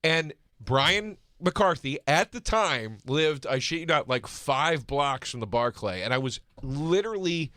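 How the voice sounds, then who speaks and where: Man, podcast host, bright and laughing, spins loose anecdotes. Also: on the high side, a little slow, few pauses, dry recording, studio quality. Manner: animated, laughing, swearing. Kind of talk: casual storytelling chat.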